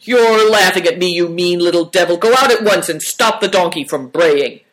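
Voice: mid-range voice, big pitch swings, a little slow, fairly bright tone, voice pushed up. A storybook reader voicing a fussy old man who bewails and scolds. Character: greedy old man host, fussy and whining.

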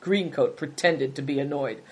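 Woman narrator, husky voice, lower pitch, measured audiobook reading. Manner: steady, measured storytelling.

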